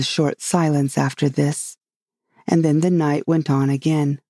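A reader narrating a classic storybook in a steady, measured way. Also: mid-range voice, no room sound, studio quality.

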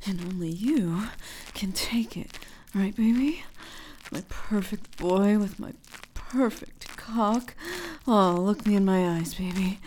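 A woman's voice: mid-range voice, slight background noise, lightly acted. A woman playing a possessive girlfriend, whispered role-play. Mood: doting. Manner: breathy, hushed and intimate, slow and lingering. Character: possessive, doting young girlfriend.

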